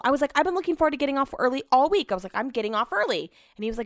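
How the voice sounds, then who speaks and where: A woman's voice: on the high side, lively intonation, rapid-fire, few pauses, dry recording, clean studio sound. A woman telling a casual story monologue, chatty and blunt, swearing freely as she retells back-and-forth conversations.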